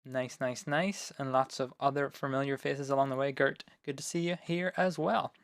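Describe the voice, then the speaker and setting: A man's voice: mid-range voice, normal speed, creaky, no room sound. Rambling male live stream host, dry sound. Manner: relaxed, rambling, many fillers. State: voice going hoarse. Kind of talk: casual live stream chat. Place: home studio.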